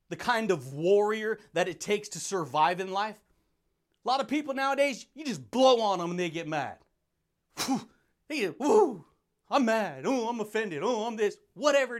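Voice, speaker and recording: Young adult male motivational podcaster with a high voice, intense and brash, peppered with laughs and slangy asides. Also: a bit bright. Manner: intense and brash, laughs often, says dude and buddy. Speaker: podcast host. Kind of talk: motivational monologue.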